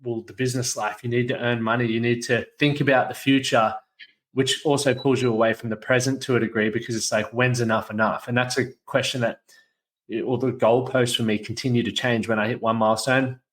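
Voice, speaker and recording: A man's voice: medium pitch, level tone, a little fast. An Australian man hosting a podcast, talking in a reflective, thoughtful way in casual conversation. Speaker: podcast host.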